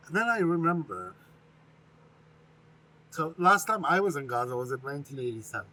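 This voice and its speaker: A man from Palestine speaks in a thoughtful, measured way as a chef being interviewed. His voice sits a little high for a man. He was recorded in a restaurant dining room with faint noise behind him. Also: sing-song, sharp tone, poor audio. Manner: measured, thoughtful, pace shifts between slow and quick. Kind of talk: reflective conversational interview.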